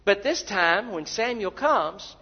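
A man preaching a sermon, who acts out the voices of the people he quotes and repeats words when he gets excited. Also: sits high, slow, slightly rough. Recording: dull sound in a big reverberant hall.

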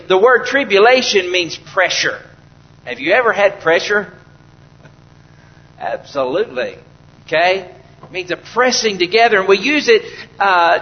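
A man's voice: sits high, highs cut off. A male pastor preaching a sermon, asking the congregation questions and building to fervent, raised passages. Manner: preaching with rising fervor, rhetorical questions to the congregation.

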